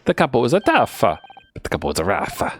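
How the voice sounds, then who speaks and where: A man voicing an excitable, shady male witness in a game, with a put-on foreign accent and a sing-song, pleading way of talking. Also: mid-range voice, quick pace, a little hiss or hum, pitched above the performer's own voice. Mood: indignant. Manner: theatrical, sing-song, pleading with 'eh?' tags.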